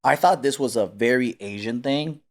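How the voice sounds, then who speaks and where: A man's voice: mid-range voice, moderate pace. A man co-hosting a podcast in casual chat, laid back and swearing casually. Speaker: podcast co-host.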